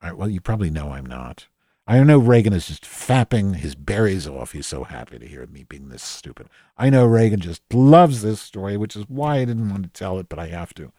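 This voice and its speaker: A man's voice: low voice, very animated, a little fast, dark tone, dry recording, studio quality. A man playing cranky rambling Madge. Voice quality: rambling, swearing, self-deprecating, many restarts. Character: cranky self-mocking office worker Madge, foul-mouthed. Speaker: podcast host in character. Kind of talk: improvised comedic monologue.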